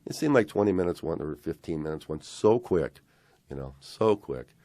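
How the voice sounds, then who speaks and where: An older man, interviewed, excitedly retelling an old story and acting out the dialogue as he goes. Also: sits low, moderate pace, no echo. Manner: acts out dialogue, rambling and excited. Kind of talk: animated anecdote retelling.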